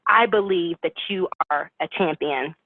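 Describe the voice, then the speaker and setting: A woman's voice: on the low side, unhurried, no echo. A woman giving an emphatic, rousing motivational talk to her team on a conference call. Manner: rousing, emphatic, repetitive exhortation. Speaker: motivational speaker. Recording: tinny phone line.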